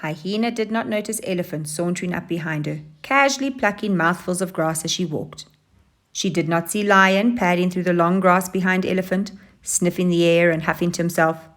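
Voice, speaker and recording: A woman teacher reading a children's story aloud, with expressive and animated delivery. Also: on the low side, normal speed. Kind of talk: storybook narration.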